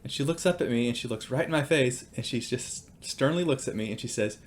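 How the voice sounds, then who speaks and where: A man's voice: medium pitch, fairly quick, a little hiss or hum. A man in his thirties giving a casual devotional talk, telling stories about his children in a conversational way with fillers. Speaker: Christian speaker.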